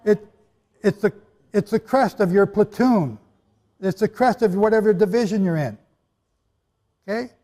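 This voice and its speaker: Long pauses punctuate the measured delivery of this Bible teacher, whose high voice has a dark tone. Before a live audience in a hall with long reverb, he gives an emphatic sermon-style lecture with rhetorical questions and joking remarks.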